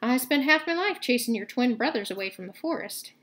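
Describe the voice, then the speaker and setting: Huge gruff kindly gamekeeper man, read by a woman, booming, friendly, storybook. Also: animated, fairly quick, fairly bright tone. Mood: hearty.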